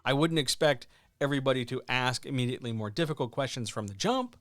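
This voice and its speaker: A man's voice: mid-range voice, fairly bright tone, dry recording, studio quality. A man coaching writers in a casual, emphatic way, often asking rhetorical questions. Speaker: writing coach and editor. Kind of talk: casual instructional talk.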